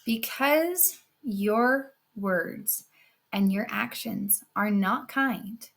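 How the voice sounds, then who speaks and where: A woman voicing a fairy princess who speaks slowly and solemnly. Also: mid-range voice, vocal fry, a bit bright, exaggerated voice. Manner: slow, measured, pronouncing. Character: solemn fairy princess granting a blessing or curse.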